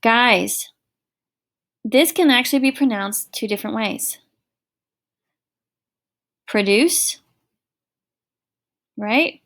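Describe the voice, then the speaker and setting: A middle-aged woman teacher records an online lesson for her students. She speaks at an unhurried, deliberate pace in a slightly high voice. She explains patiently, leaning on everyday examples. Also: a bit bright.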